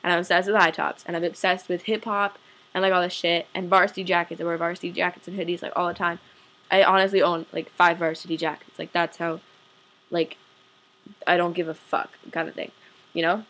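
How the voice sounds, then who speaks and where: A woman's voice: on the low side, level tone, a little fast, fairly bright tone. A young adult woman, venting to camera in a casual storytime rant full of swearing and "like". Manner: profane, fired-up, heavy use of "like". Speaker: vlogger.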